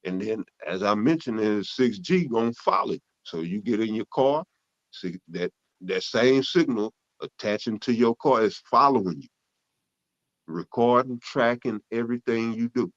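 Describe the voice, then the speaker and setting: A man's voice: lowish voice, expressive, moderate pace, lo-fi sound. A man gives casual spoken Bible teaching, with loose, conversational talk, frequent restarts and cursing.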